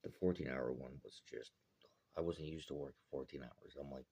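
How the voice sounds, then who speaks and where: A man's voice: a bass voice, moderate pace, creaky, mellow, husky. A man from Alberta ranting bluntly and heatedly to camera, swearing often. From Alberta, Canada. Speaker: vlogger. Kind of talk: angry rant to camera.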